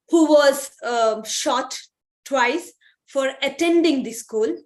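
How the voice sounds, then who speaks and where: A woman with an Indian English accent gives a lecture to students on speaking well. Her voice sits high, and she talks earnestly, circling back with "you know" and "okay" as she explains. She sounds like a trainer addressing a class.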